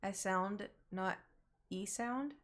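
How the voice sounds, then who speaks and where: A woman's voice: mid-range voice, slow, fairly bright tone. A young woman with a slight Southern American accent, streaming games and chatting casually, fretting over how she pronounces words. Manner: chatty, self-conscious about her pronunciation. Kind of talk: casual gaming stream chat.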